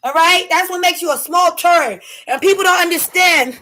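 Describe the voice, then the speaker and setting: A woman rants to camera as she tells a story. Her voice sits high and bright, and she talks with strong emphasis and acts out the scene. Her delivery is casual and animated. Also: moderate pace. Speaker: vlogger.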